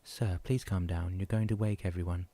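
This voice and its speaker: A man voicing a patient female nurse in a soft, calming tone. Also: fairly low pitch, quick pace, no echo, close to an everyday voice. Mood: soothing.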